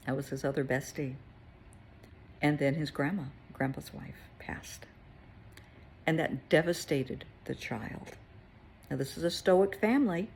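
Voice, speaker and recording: A woman therapist telling a client story in a casual, conversational way, with gentle emphasis. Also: low-pitched, unhurried, creaky, pauses often, a little hiss or hum.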